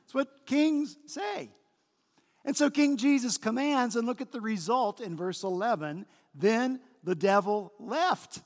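Male senior pastor, high-pitched, emphatic sermon delivery, recorded in an echoing church hall. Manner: emphatic preaching, slow stressed phrases. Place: large church sanctuary. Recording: long church hall reverb.

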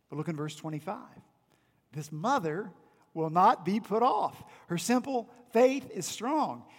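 A man's voice: on the high side, in a large hall. A male pastor preaching a sermon, repeating phrases and asking the congregation rhetorical questions. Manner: emphatic, repetitive preaching cadence with rhetorical questions. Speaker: senior pastor. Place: church sanctuary.

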